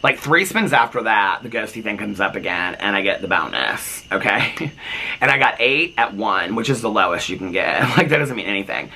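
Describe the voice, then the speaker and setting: A man's voice: on the low side, normal speed, a little hiss or hum. A man telling a long casual story on his vlog, chatty and full of asides, on a front porch. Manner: animated, chatty, lots of fillers and asides. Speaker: vlogger.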